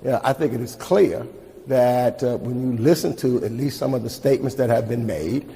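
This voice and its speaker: An older man answering an interviewer firmly, pausing with fillers. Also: medium pitch, mellow, in a large hall. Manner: firm, halting with fillers. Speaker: politician in news interview.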